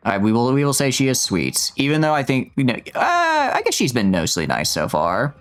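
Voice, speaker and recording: A man streaming a game live, his voice swinging up and down as he jokes with chat. He stammers and restarts his sentences often, talking in an animated, rambling way. Quiet game music plays behind him. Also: mid-range voice, a little fast, clean tone. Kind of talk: live gameplay commentary. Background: faint game music.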